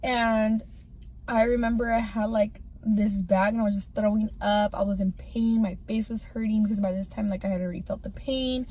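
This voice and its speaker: A woman's voice: medium pitch, fairly even intonation, normal speed, mellow, slight background noise. A woman candidly telling a personal story in a casual storytime, rambling and filling her talk with "like". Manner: candid, rambling, heavy use of "like".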